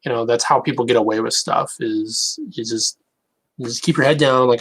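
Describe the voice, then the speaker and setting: Young male creator, gravelly, halting wry monologue. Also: mid-range voice, steady tone, a bit bright, low-quality recording. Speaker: online creator. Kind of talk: casual monologue to camera.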